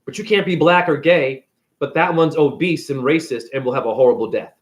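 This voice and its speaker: A man ranting casually on camera, retelling a movie with profanity and acting out its characters in quick bursts. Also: fairly high pitch. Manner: profane, animated, acts out characters. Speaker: spiritual video creator.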